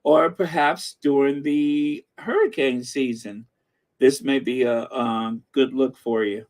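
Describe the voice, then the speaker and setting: Slow and a little mellow, this medium-pitched male voice belongs to a middle-aged host from the American Midwest on a laid-back livestream. He reads the live chat's viewer comments out loud, full of fillers and frequent laughter, in a chatty way.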